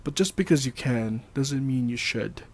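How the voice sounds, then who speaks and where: A man's voice: mid-range voice, expressive, normal speed. Laid-back man rambling about films. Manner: rambling, laughs often, frequent ums. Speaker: podcast co-host. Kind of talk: casual film discussion.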